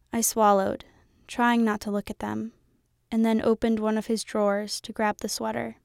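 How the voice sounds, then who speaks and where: Female audiobook narrator, first-person novel, smooth and dry studio sound, wry and measured. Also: on the high side, no echo.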